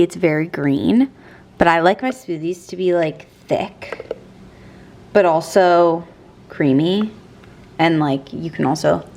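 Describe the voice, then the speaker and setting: A young woman vlogging casually in her home kitchen, chatty and rambling with many fillers. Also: fairly low pitch. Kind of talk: casual kitchen vlog chat. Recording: noisy home recording.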